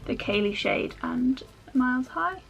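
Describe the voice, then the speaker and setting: A woman's voice: sits high, expressive, a little slow, gravelly, dull audio, slight background noise. A woman chatting her way through a makeup tutorial at home, rambling with self-mocking asides as she works. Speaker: makeup vlogger.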